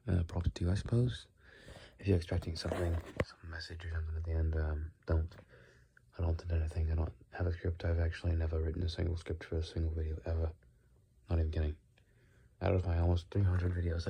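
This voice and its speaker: Soft-spoken sleepy young man, deep and gravelly. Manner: soft, soothing, unhurried voice. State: tired, sleepy. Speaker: vlogger. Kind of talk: late-night casual rambling talk. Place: his bedroom at night. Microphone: phone.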